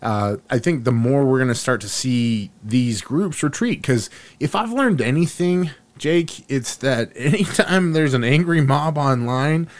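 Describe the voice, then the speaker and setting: A man co-hosting a sports podcast, talking excitedly and firing off rhetorical questions. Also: mid-range voice, a little slow, few pauses. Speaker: podcast co-host. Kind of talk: animated sports opinion chat.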